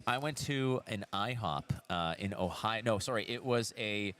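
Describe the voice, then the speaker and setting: A man with a Canadian accent co-commentating a live card game match, analytical, with quick anecdotes and frequent restarts. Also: on the low side, fairly bright tone.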